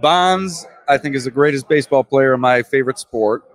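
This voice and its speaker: A man's voice: mid-range voice, brisk. A young adult man, a sports reporter and guest, chatting casually and thoughtfully, often repeating words as he starts. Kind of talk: casual chat.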